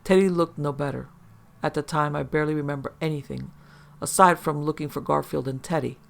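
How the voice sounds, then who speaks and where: A man narrating a first-person horror story in a steady, measured way. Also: a little high, vocal fry.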